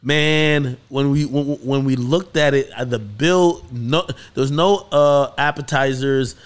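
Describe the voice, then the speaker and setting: A man hosting a podcast, telling a story in casual chat with lots of swearing and excited peaks. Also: mid-range voice, slow pace. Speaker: podcast host.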